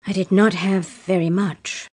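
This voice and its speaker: A woman's voice: mid-range voice, steady tone, unhurried, a little mellow, breathy edge. A woman reading a short story aloud in plain, simple sentences for English learners. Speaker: story reader.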